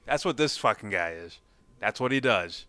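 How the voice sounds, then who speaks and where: A man hosting a live stream, chatting casually, profane, animated and mocking. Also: on the low side, moderate pace, no echo. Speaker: stream host. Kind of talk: casual livestream chat.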